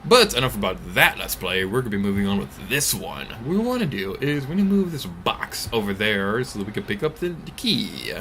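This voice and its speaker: A young man talking through a video game as he plays, chatty and excitable, laughing often. His voice sits fairly low but has a bright, forward edge to it. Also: a little fast, hardly any pauses, a little hiss or hum. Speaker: let's play host. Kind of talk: gameplay commentary.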